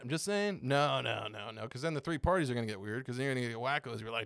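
A man talking as a podcast guest, telling rambling, animated stories and laughing often. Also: medium pitch, fast talker, creaky, few pauses, no echo, studio quality. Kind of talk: casual chat.

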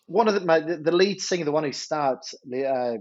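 A head teacher, telling a story in a podcast interview, animated and stumbling over repeated words. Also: male voice, fairly high pitch, brisk, muffled recording.

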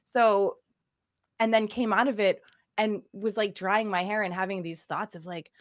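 A woman in her forties co-hosting a podcast, telling a story in a chatty, animated way with laughs. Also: mid-range voice, moderate pace, dry recording, studio quality. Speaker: podcast co-host. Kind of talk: casual chat.

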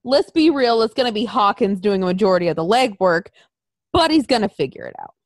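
A woman's voice: mid-range voice, big pitch swings, a little fast, no echo. A woman co-hosting a casual wrestling chat, profane and mocking, talking close to a dry mic.

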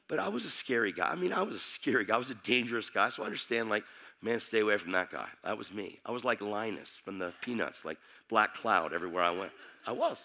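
A man's voice: mid-range voice, bright, forceful tone. A middle-aged man preaching his testimony as a sermon, telling his story intensely and acting out the dialogue.

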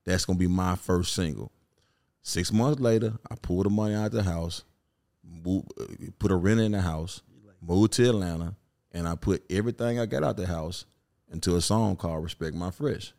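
His voice sits low, creaky and darkish, at a moderate pace. This middle-aged Memphis rapper and producer with a Southern accent is a guest in a casual interview, rambling along with plenty of "you know what I'm saying."

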